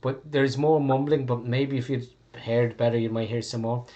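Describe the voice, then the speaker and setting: Rambling Irish game master. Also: male voice, mid-range voice, fairly even intonation, moderate pace, warm tone, lo-fi sound. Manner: rambling, with fillers and swearing. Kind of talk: narrating a tabletop game.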